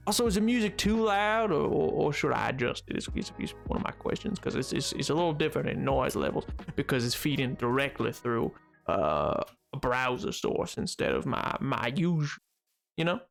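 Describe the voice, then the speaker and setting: A young man chatting casually on a game stream, excitable and quick to laugh, reading chat aloud. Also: creaky, faint music behind. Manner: excitable, bursts into high yelps and laughs, reads chat aloud.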